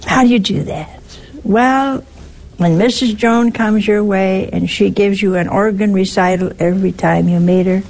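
A woman's voice: medium pitch, steady tone, normal speed, gravelly, a little mellow, poor audio. A woman giving a spiritual teaching talk, wry and teasing, with emphatic turns. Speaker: religious speaker.

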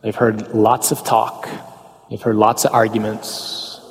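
A man's voice: fairly low pitch, flat delivery, unhurried, long reverb tail. A man giving a conversational talk on the Mass to a parish group, asking rhetorical questions, tagging lines with "huh?" and slipping in folksy humorous asides.

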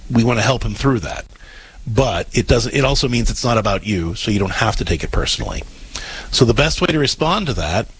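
Husky-voiced man giving advice. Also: mid-range voice, poor audio. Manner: earnest, explanatory, repeats words when starting sentences. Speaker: radio advice show host. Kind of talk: advice call-in talk.

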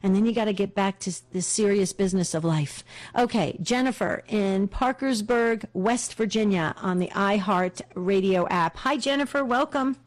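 A woman hosting a call-in radio show, bubbly and quick to laugh, thanking callers warmly. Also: mid-range voice. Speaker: radio host.

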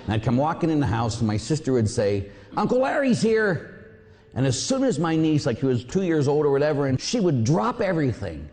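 A man preaching in a big space whose reverb trails after every phrase. His voice is mellow and low in brightness, yet he swings his pitch widely as he tells stories and acts out little voices. It sounds like a Catholic priest's sermon. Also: fast talker, hardly any pauses. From Pittsburgh area. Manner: animated storytelling, acts out voices. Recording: long hall reverb.

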